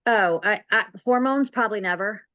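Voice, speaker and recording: A woman's voice: medium pitch, normal speed, no room sound. Female participant, candid, hesitant, muffled and dry. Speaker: workshop participant. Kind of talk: casual chat.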